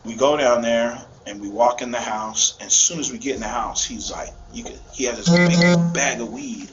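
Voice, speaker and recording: A man's voice: medium pitch, normal speed. A middle-aged man being interviewed as a father, telling a story in a rambling, emotional way. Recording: dull lo-fi audio with faint noise.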